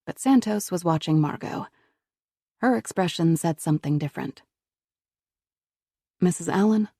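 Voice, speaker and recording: A woman narrating a crime novel audiobook in a steady, even storytelling manner. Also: low-pitched, normal speed, no room sound, studio quality. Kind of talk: scripted narration.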